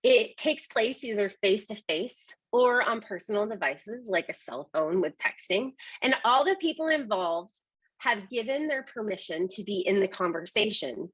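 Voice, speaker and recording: Husky woman presenting a webinar. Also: mid-range voice, animated, moderate pace, a bit bright, no room sound, rough recording. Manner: emphatic, explanatory delivery. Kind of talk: scripted presentation.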